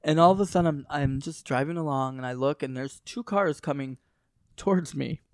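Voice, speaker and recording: A man telling stories in a casual, profane chat, often jumping into shrill voices for the people he quotes. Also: a little fast, no room sound, clean studio sound.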